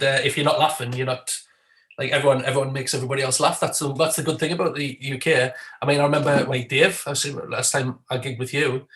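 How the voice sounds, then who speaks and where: Hombre geordie bromista, sala con eco. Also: male voice, medium pitch, fairly bright tone. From Newcastle, England. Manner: jokey, mimics regional accents. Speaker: comedian guest. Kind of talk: casual chat on a call-in show. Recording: roomy echo.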